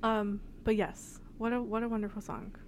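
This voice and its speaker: A woman's voice: medium pitch, flat delivery, moderate pace, a little hiss or hum. A young woman co-hosting a podcast, chatting casually and rambling with lots of fillers and laughs. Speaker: podcast co-host. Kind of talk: casual chat.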